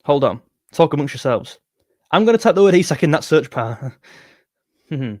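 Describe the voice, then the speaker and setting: A young man hosting a casual fan live stream, excitable and jumpy, talking straight to his chat. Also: fairly high pitch, moderate pace, dry recording, clean studio sound. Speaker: football fan channel host.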